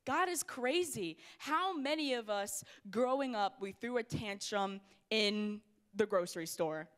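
A young woman giving an energetic, playful youth sermon, talking straight to the crowd in a church hall. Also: medium pitch, measured pace, smooth. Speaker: youth pastor.

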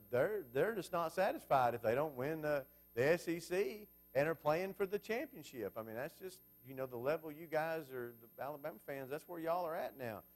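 A man preaching a Bible class sermon in a conversational way, asking the congregation questions as he goes. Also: on the high side.

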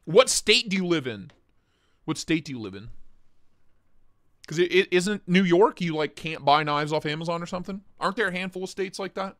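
A man's voice: high voice, expressive, brisk, fairly bright tone, no room sound, studio quality. A man hosting a casual live stream, joking and swearing as he greets viewers by name. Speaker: livestream host.

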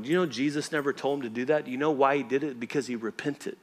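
Pastor preaching in a conversational style. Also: male voice, medium pitch, steady tone, quick pace, hardly any pauses. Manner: conversational and emphatic, often asks the congregation if they follow. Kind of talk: sermon. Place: church.

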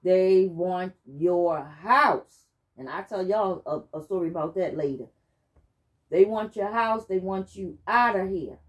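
Woman host, personal testimony, emphatic storyteller addressing viewers, mid pitch. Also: normal speed. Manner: animated, emphatic, addresses listeners directly. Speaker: channel host giving testimony.

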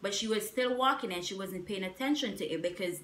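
A young woman vlogger telling a story in a casual, animated way, repeating herself with emphatic asides. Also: mid-range voice, a little fast, slight background noise. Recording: echoey room.

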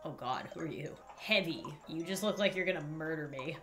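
A young adult woman giving gaming commentary as a YouTuber, with an excitable, giggly, dramatic manner. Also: sits low, fairly quick.

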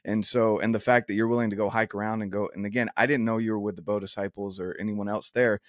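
A man's voice: lowish voice, fairly even intonation, quick pace, no room sound, studio quality. A man hosting an outdoors podcast, talking earnestly in a rambling way with many restarts. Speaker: podcast host. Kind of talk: casual interview chat.

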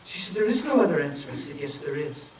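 A man preaching a sermon, telling a story and acting out the voices in it, then softly pleading with people to come forward. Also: a little high, big pitch swings, fast. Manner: storytelling, acts out quoted voices, urgent then soft pleading. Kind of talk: sermon with altar call. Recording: echoey, from far off, faint noise.

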